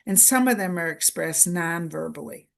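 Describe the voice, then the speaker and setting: A woman presenter giving a conference lecture in a deliberate way, repeating key phrases in short lists for emphasis. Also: on the low side, lively intonation, gravelly. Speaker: workshop presenter.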